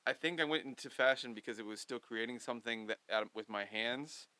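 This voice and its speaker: Podcast guest, young man from Missouri; lively storyteller, bright tone, swears casually. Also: medium pitch, quick pace, smooth, dry recording, poor audio. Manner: animated storyteller, swears freely. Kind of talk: casual chat.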